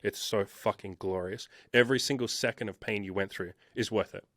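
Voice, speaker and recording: A man tells his own story candidly, blunt and emphatic, with frequent swearing. His voice sits somewhat low, and the recording is dry and close. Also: fairly even intonation, brisk, a bit bright, no echo. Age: 30s. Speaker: interview guest, dating coach.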